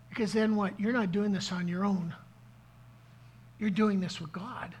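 This pastor speaks live to a congregation in a mid-range, slightly mellow and husky voice, keeping the intonation fairly even and the pace measured, with frequent pauses. The sermon runs on call-and-response, with questions put to the audience and key lines repeated for emphasis.

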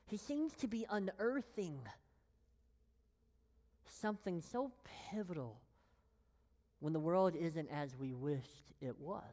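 A woman pastor preaching a sermon with emphatic pauses, sinking to a whisper on key words. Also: on the low side, expressive, dark tone, in a large hall. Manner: slow, emphatic delivery with long pauses, dropping to a whisper on key phrases.

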